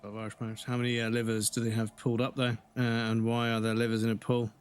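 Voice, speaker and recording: A man's voice: medium pitch, monotone, quick pace, clear, resonant tone. A man from the UK giving casual, rambling commentary while live-streaming a game, with many hesitations.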